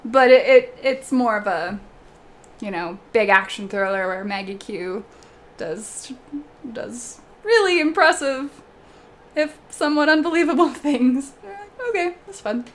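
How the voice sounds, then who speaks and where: A young woman hosting a casual live stream, chatting with viewers while she paints, laughing often and breaking into animated asides. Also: on the high side, a little slow, slight background noise. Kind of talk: casual chat while reading viewer comments.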